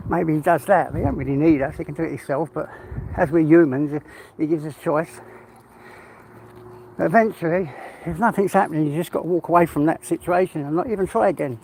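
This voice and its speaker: A man's voice: on the high side, a little fast, gravelly, darkish tone. Breathless English man walking and talking. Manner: casual, rambling, talks to his dog. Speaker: vlogger. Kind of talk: walk-and-talk vlog. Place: outdoors on a walk. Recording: noisy outdoor phone recording.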